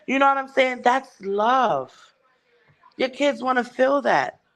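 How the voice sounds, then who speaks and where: A woman's voice: sits high, animated, takes it slowly, fairly bright tone. A woman hosting a livestream, talking bluntly and emphatically and swearing heavily. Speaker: livestream host. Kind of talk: casual chat.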